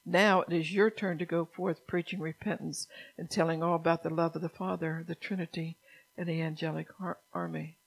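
A middle-aged woman preaching a fervent sermon, scolding the listeners and rising to loud, emphatic bursts. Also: fairly low pitch, little pitch movement, normal speed, poor audio.

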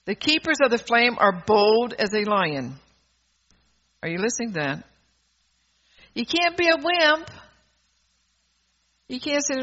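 A woman preaches in a bright, tense voice, emphatic and scolding as she presses the congregation. The sermon is caught on a dull, lo-fi recording. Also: on the high side, lively intonation, unhurried, pauses often.

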